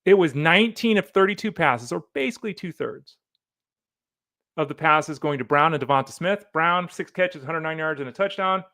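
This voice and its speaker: A man hosting a solo fantasy football podcast, animated and opinionated, talking straight to the listener. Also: fairly high pitch, moderate pace, no echo, studio quality. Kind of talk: solo sports podcast commentary.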